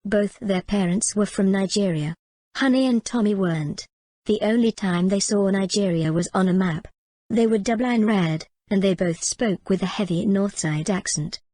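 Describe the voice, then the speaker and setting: A woman reading a novel aloud as audiobook narrator, in a steady, clear reading manner. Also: mid-range voice, normal speed, no echo. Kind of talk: scripted storybook narration.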